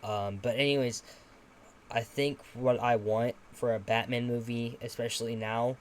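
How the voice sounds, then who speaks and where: A man's voice: mid-range voice, flat delivery, moderate pace, slight background noise. Rambling young man hosting a podcast. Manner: rambling, swears casually, many fillers. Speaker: podcast host. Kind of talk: casual podcast chat.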